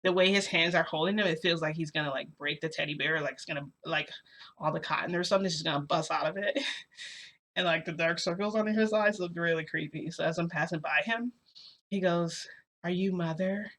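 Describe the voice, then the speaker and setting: Bright-voiced young woman, chatty storytime. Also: low-pitched, fairly quick. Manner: chatty, peppered with "like" and "you know"; talks straight to viewers. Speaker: storytime vlogger. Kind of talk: casual first-person storytelling.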